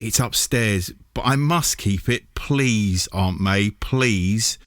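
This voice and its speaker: A man's voice: on the low side, slow, dry recording, clean studio sound. A man reading a children's story, voicing an earnest young boy who pleads. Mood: pleading.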